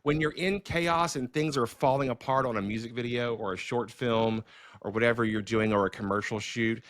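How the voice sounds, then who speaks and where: A middle-aged man, a filmmaker hosting a podcast, telling stories in a casual, animated way with many fillers and restarts. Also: mid-range voice, dry recording. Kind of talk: casual storytelling conversation.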